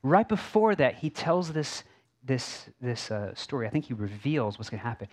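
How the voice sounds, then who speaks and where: A man's voice: mid-range voice, sing-song, normal speed. A male pastor preaching a sermon in a conversational way, with asides and rhetorical questions.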